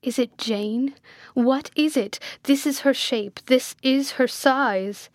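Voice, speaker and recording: A woman reading as an anguished blind gentleman. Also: a little high, fairly even intonation, a little slow, no room sound, clean studio sound, close to an everyday voice. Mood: desperate. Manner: impassioned, imperious, pleading. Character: blind anguished middle-aged gentleman, commanding and desperate. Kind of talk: audiobook character reading.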